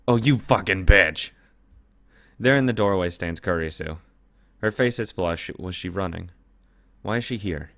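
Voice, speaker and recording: A man's voice: low-pitched, creaky, a bit bright, dry recording. A man reading a visual novel's narration aloud, breaking off now and then to swear and react to the story.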